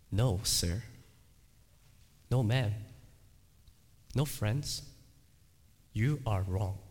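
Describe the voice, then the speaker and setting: A male pastor preaching a sermon, emphatic, repeating his phrases and swinging between loud cries and quiet asides. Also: fairly low pitch. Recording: long hall reverb.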